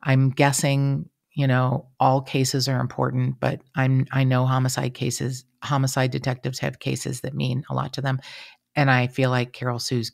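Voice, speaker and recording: A woman's voice: rumbling low, normal speed, creaky, no echo, studio quality. A woman, co-hosting a casual true-crime podcast, talking emotionally and acting out what people said. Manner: chatty, emotional, quotes people in lively voices. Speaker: podcast co-host. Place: podcast room.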